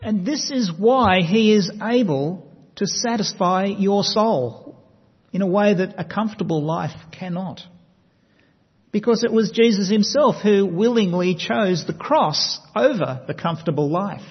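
Guy giving a sermon, kinda husky voice, slow emphatic phrasing, echoey hall. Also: sits high, expressive. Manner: measured, emphatic delivery with slow stressed phrases. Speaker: preacher. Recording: long reverb, dull lo-fi sound.

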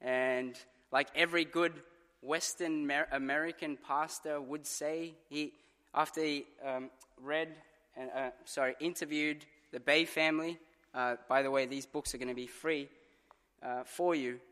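A man's voice: fairly high pitch, steady tone, measured pace, pushed and bright. A man preaching a sermon as pastor, telling stories earnestly and acting out what others said. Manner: earnest storytelling with dramatized quotes. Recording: long church reverb.

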